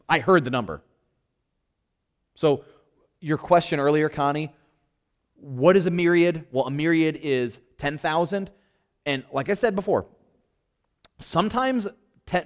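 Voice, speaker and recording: A middle-aged man leading a casual Bible study, talking to the group, often restarting his sentences and laughing. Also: on the high side. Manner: animated, self-interrupting, laughs often, engages group.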